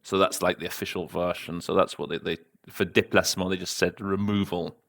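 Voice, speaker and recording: Guy w a really low voice, chatty and reflective, going over his own interpreting, dry room sound. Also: level tone, brisk, gravelly, a bit bright, no echo. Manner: reflective, self-critical, conversational. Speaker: conference interpreter and podcast host.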